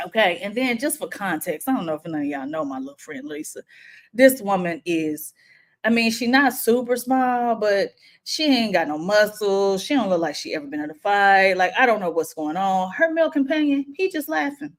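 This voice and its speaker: A woman, telling a personal story to camera in a lively, animated way. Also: mid-range voice, normal speed. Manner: animated, acts out quotes, frequent laughs.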